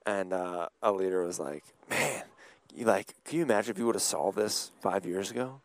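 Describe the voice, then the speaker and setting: A man's voice: low voice, normal speed, dry recording. A man hosting a youth church podcast in casual chat, laughing often and trailing off mid-thought. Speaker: youth pastor and podcast host.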